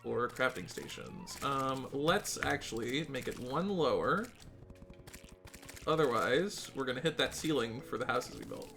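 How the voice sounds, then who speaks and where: A speedrunner giving live gameplay commentary, excitable and exasperated, talking to themself and the chat. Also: mid-range voice, unhurried, a little hiss or hum. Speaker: speedrunner streaming a game.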